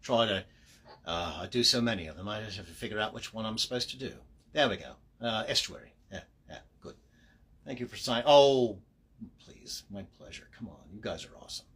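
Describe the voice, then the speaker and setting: Brief: man, voice actor signing fans' prints live, animated pitch, casual and self-deprecating. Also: fast talker. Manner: chatty and self-deprecating, narrating what he does. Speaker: voice actor signing autographs on a livestream. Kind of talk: casual livestream chat.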